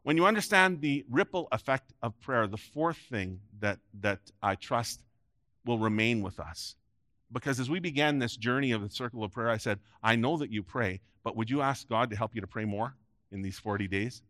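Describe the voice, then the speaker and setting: A man's voice: mid-range voice, animated, moderate pace, a bit bright, no room sound, studio quality. A man preaching a sermon to a congregation, emphatic, with rising peaks and phrase ends that drop away. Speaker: pastor. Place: church sanctuary before a congregation.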